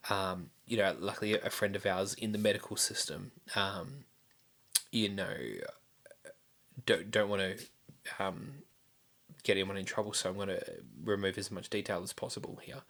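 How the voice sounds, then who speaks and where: Young man, podcast host, lowish pitch, bright forward tone, loose rambling storytelling with casual swearing. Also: little pitch movement, normal speed. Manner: rambling, many restarts and fillers, swears casually.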